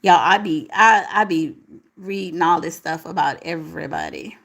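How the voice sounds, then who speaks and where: Late at night and alone at home, a young woman runs a livestream, reading viewer comments and chatting casually in slang. Her fairly low voice is creaky and a bit bright, moving at a moderate pace, and she sounds sleepy and tired, with a crackle.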